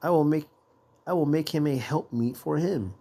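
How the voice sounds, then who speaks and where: A man's voice: a little high, moderate pace, warm tone. A man teaching scripture in a loose, conversational way, reading verses and often checking in with the listener. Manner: conversational, keeps checking in with "right?". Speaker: Bible teacher.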